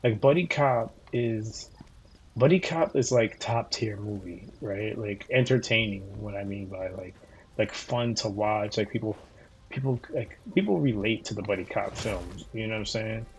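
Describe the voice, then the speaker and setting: A man living in Florida streams a game and talks with his audience, his voice on the low side and his pace moderate. There's a little hiss or hum on the audio, and his chatter is casual, profane, meandering, and packed with fillers and restarts as he responds to chat messages.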